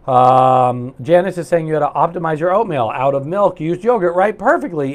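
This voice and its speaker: A man's voice: on the high side, moderate pace, few pauses. A man hosting a live coaching stream, upbeat and chatty, reading viewers' comments aloud with many fillers.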